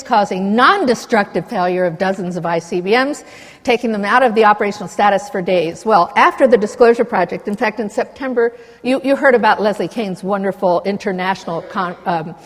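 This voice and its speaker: Older woman, passionate conference speaker, rambling and indignant, mid pitch, long hall reverb. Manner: passionate, digressive, indignant asides. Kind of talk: impassioned conference lecture.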